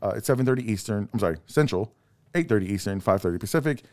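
A man's voice: on the low side, expressive, fast talker, a little mellow. A middle-aged man hosting a casual podcast, joking and laughing as he reads out call-in numbers and thanks sponsors. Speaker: podcast host.

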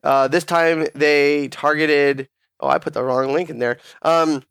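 A man's voice: a little high, measured pace, clean tone, no echo, studio quality. A man hosting a casual gaming podcast, telling crude, joking stories with lots of energy. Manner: crude, joking, animated storytelling. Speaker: podcast host.

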